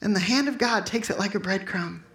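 A woman in her fifties giving a sermon with personal testimony to a room of listeners, emotional and loudly acting out her own prayers. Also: medium pitch, fairly quick, echoey room. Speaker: speaker at a Christian gathering.

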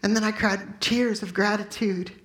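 A woman in her fifties giving a sermon with personal testimony to a room of listeners, emotional and loudly acting out her own prayers. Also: medium pitch, fairly even intonation, normal speed, reverberant. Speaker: speaker at a Christian gathering.

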